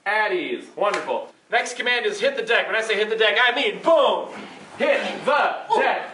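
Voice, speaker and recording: A man explaining and leading a group game with playful, energetic commands in a large indoor hall. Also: sits high, moderate pace, slight background noise. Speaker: youth game leader. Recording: echoey hall, mic at a distance.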